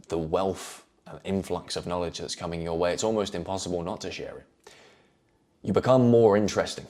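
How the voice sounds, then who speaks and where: A man giving a measured, earnest motivational talk, repeating phrases for emphasis. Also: deep voice, a little mellow. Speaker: self-improvement video host.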